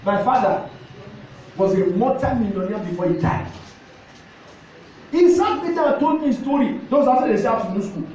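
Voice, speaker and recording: A man's voice: extremely high pitch, lively intonation, normal speed, long pauses, darkish tone, slight background noise. A man with a Nigerian accent preaching a sermon as pastor, exhorting and repeating phrases, slipping into pidgin. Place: church hall. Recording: echoey church hall, mic at a distance, faint ambience.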